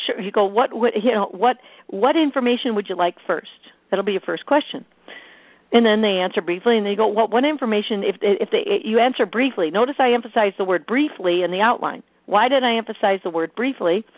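A woman coaching a sales team, energetic and emphatic, repeating her key points. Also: mid-range voice, fairly quick, no echo. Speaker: sales trainer. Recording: tinny phone-like line, dry.

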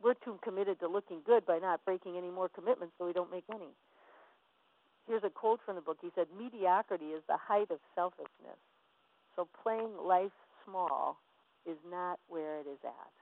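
A woman's voice: lowish voice, moderate pace. A woman business coach giving a passionate, emphatic motivational teaching talk. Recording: tinny phone line.

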